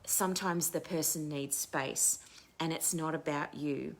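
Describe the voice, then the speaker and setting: Low-voiced woman coach talking candidly. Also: steady tone, unhurried. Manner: candid, reflective, restarts often. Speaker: midlife coach and show host. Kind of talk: live online wellness talk.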